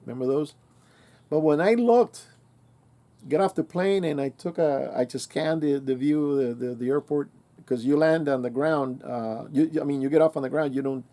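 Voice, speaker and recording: A man in his sixties tells an old story at his own pace in a warm, dark-toned voice. His talk is loose and colloquial, full of restarts and self-corrections. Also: a little high, moderate pace. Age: 60s. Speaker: channel host. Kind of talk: casual storytelling monologue.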